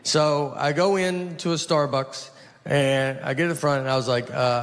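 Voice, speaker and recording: A man in his forties performing stand-up comedy in a large theater, telling stories in a dry, deadpan way that climbs into exasperated rants. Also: quick pace, a little hiss or hum. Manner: dry, deadpan storytelling that rises into exasperated high-pitched rants. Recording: live theater recording with long hall reverb. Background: audience laughter.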